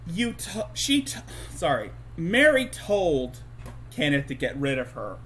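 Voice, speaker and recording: Male streamer, lively swooping pitch, slow mocking delivery, faint background noise. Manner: sarcastic, mocking, stumbling restarts. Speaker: streamer host. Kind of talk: ranting commentary stream.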